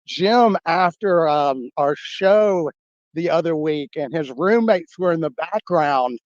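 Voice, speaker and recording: A man's voice: a little high, animated, slow, dry recording, muffled recording. A man with a Southern drawl, co-hosting a podcast and talking casually about puzzles and giveaways. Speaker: podcast co-host running puzzles. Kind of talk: casual chat.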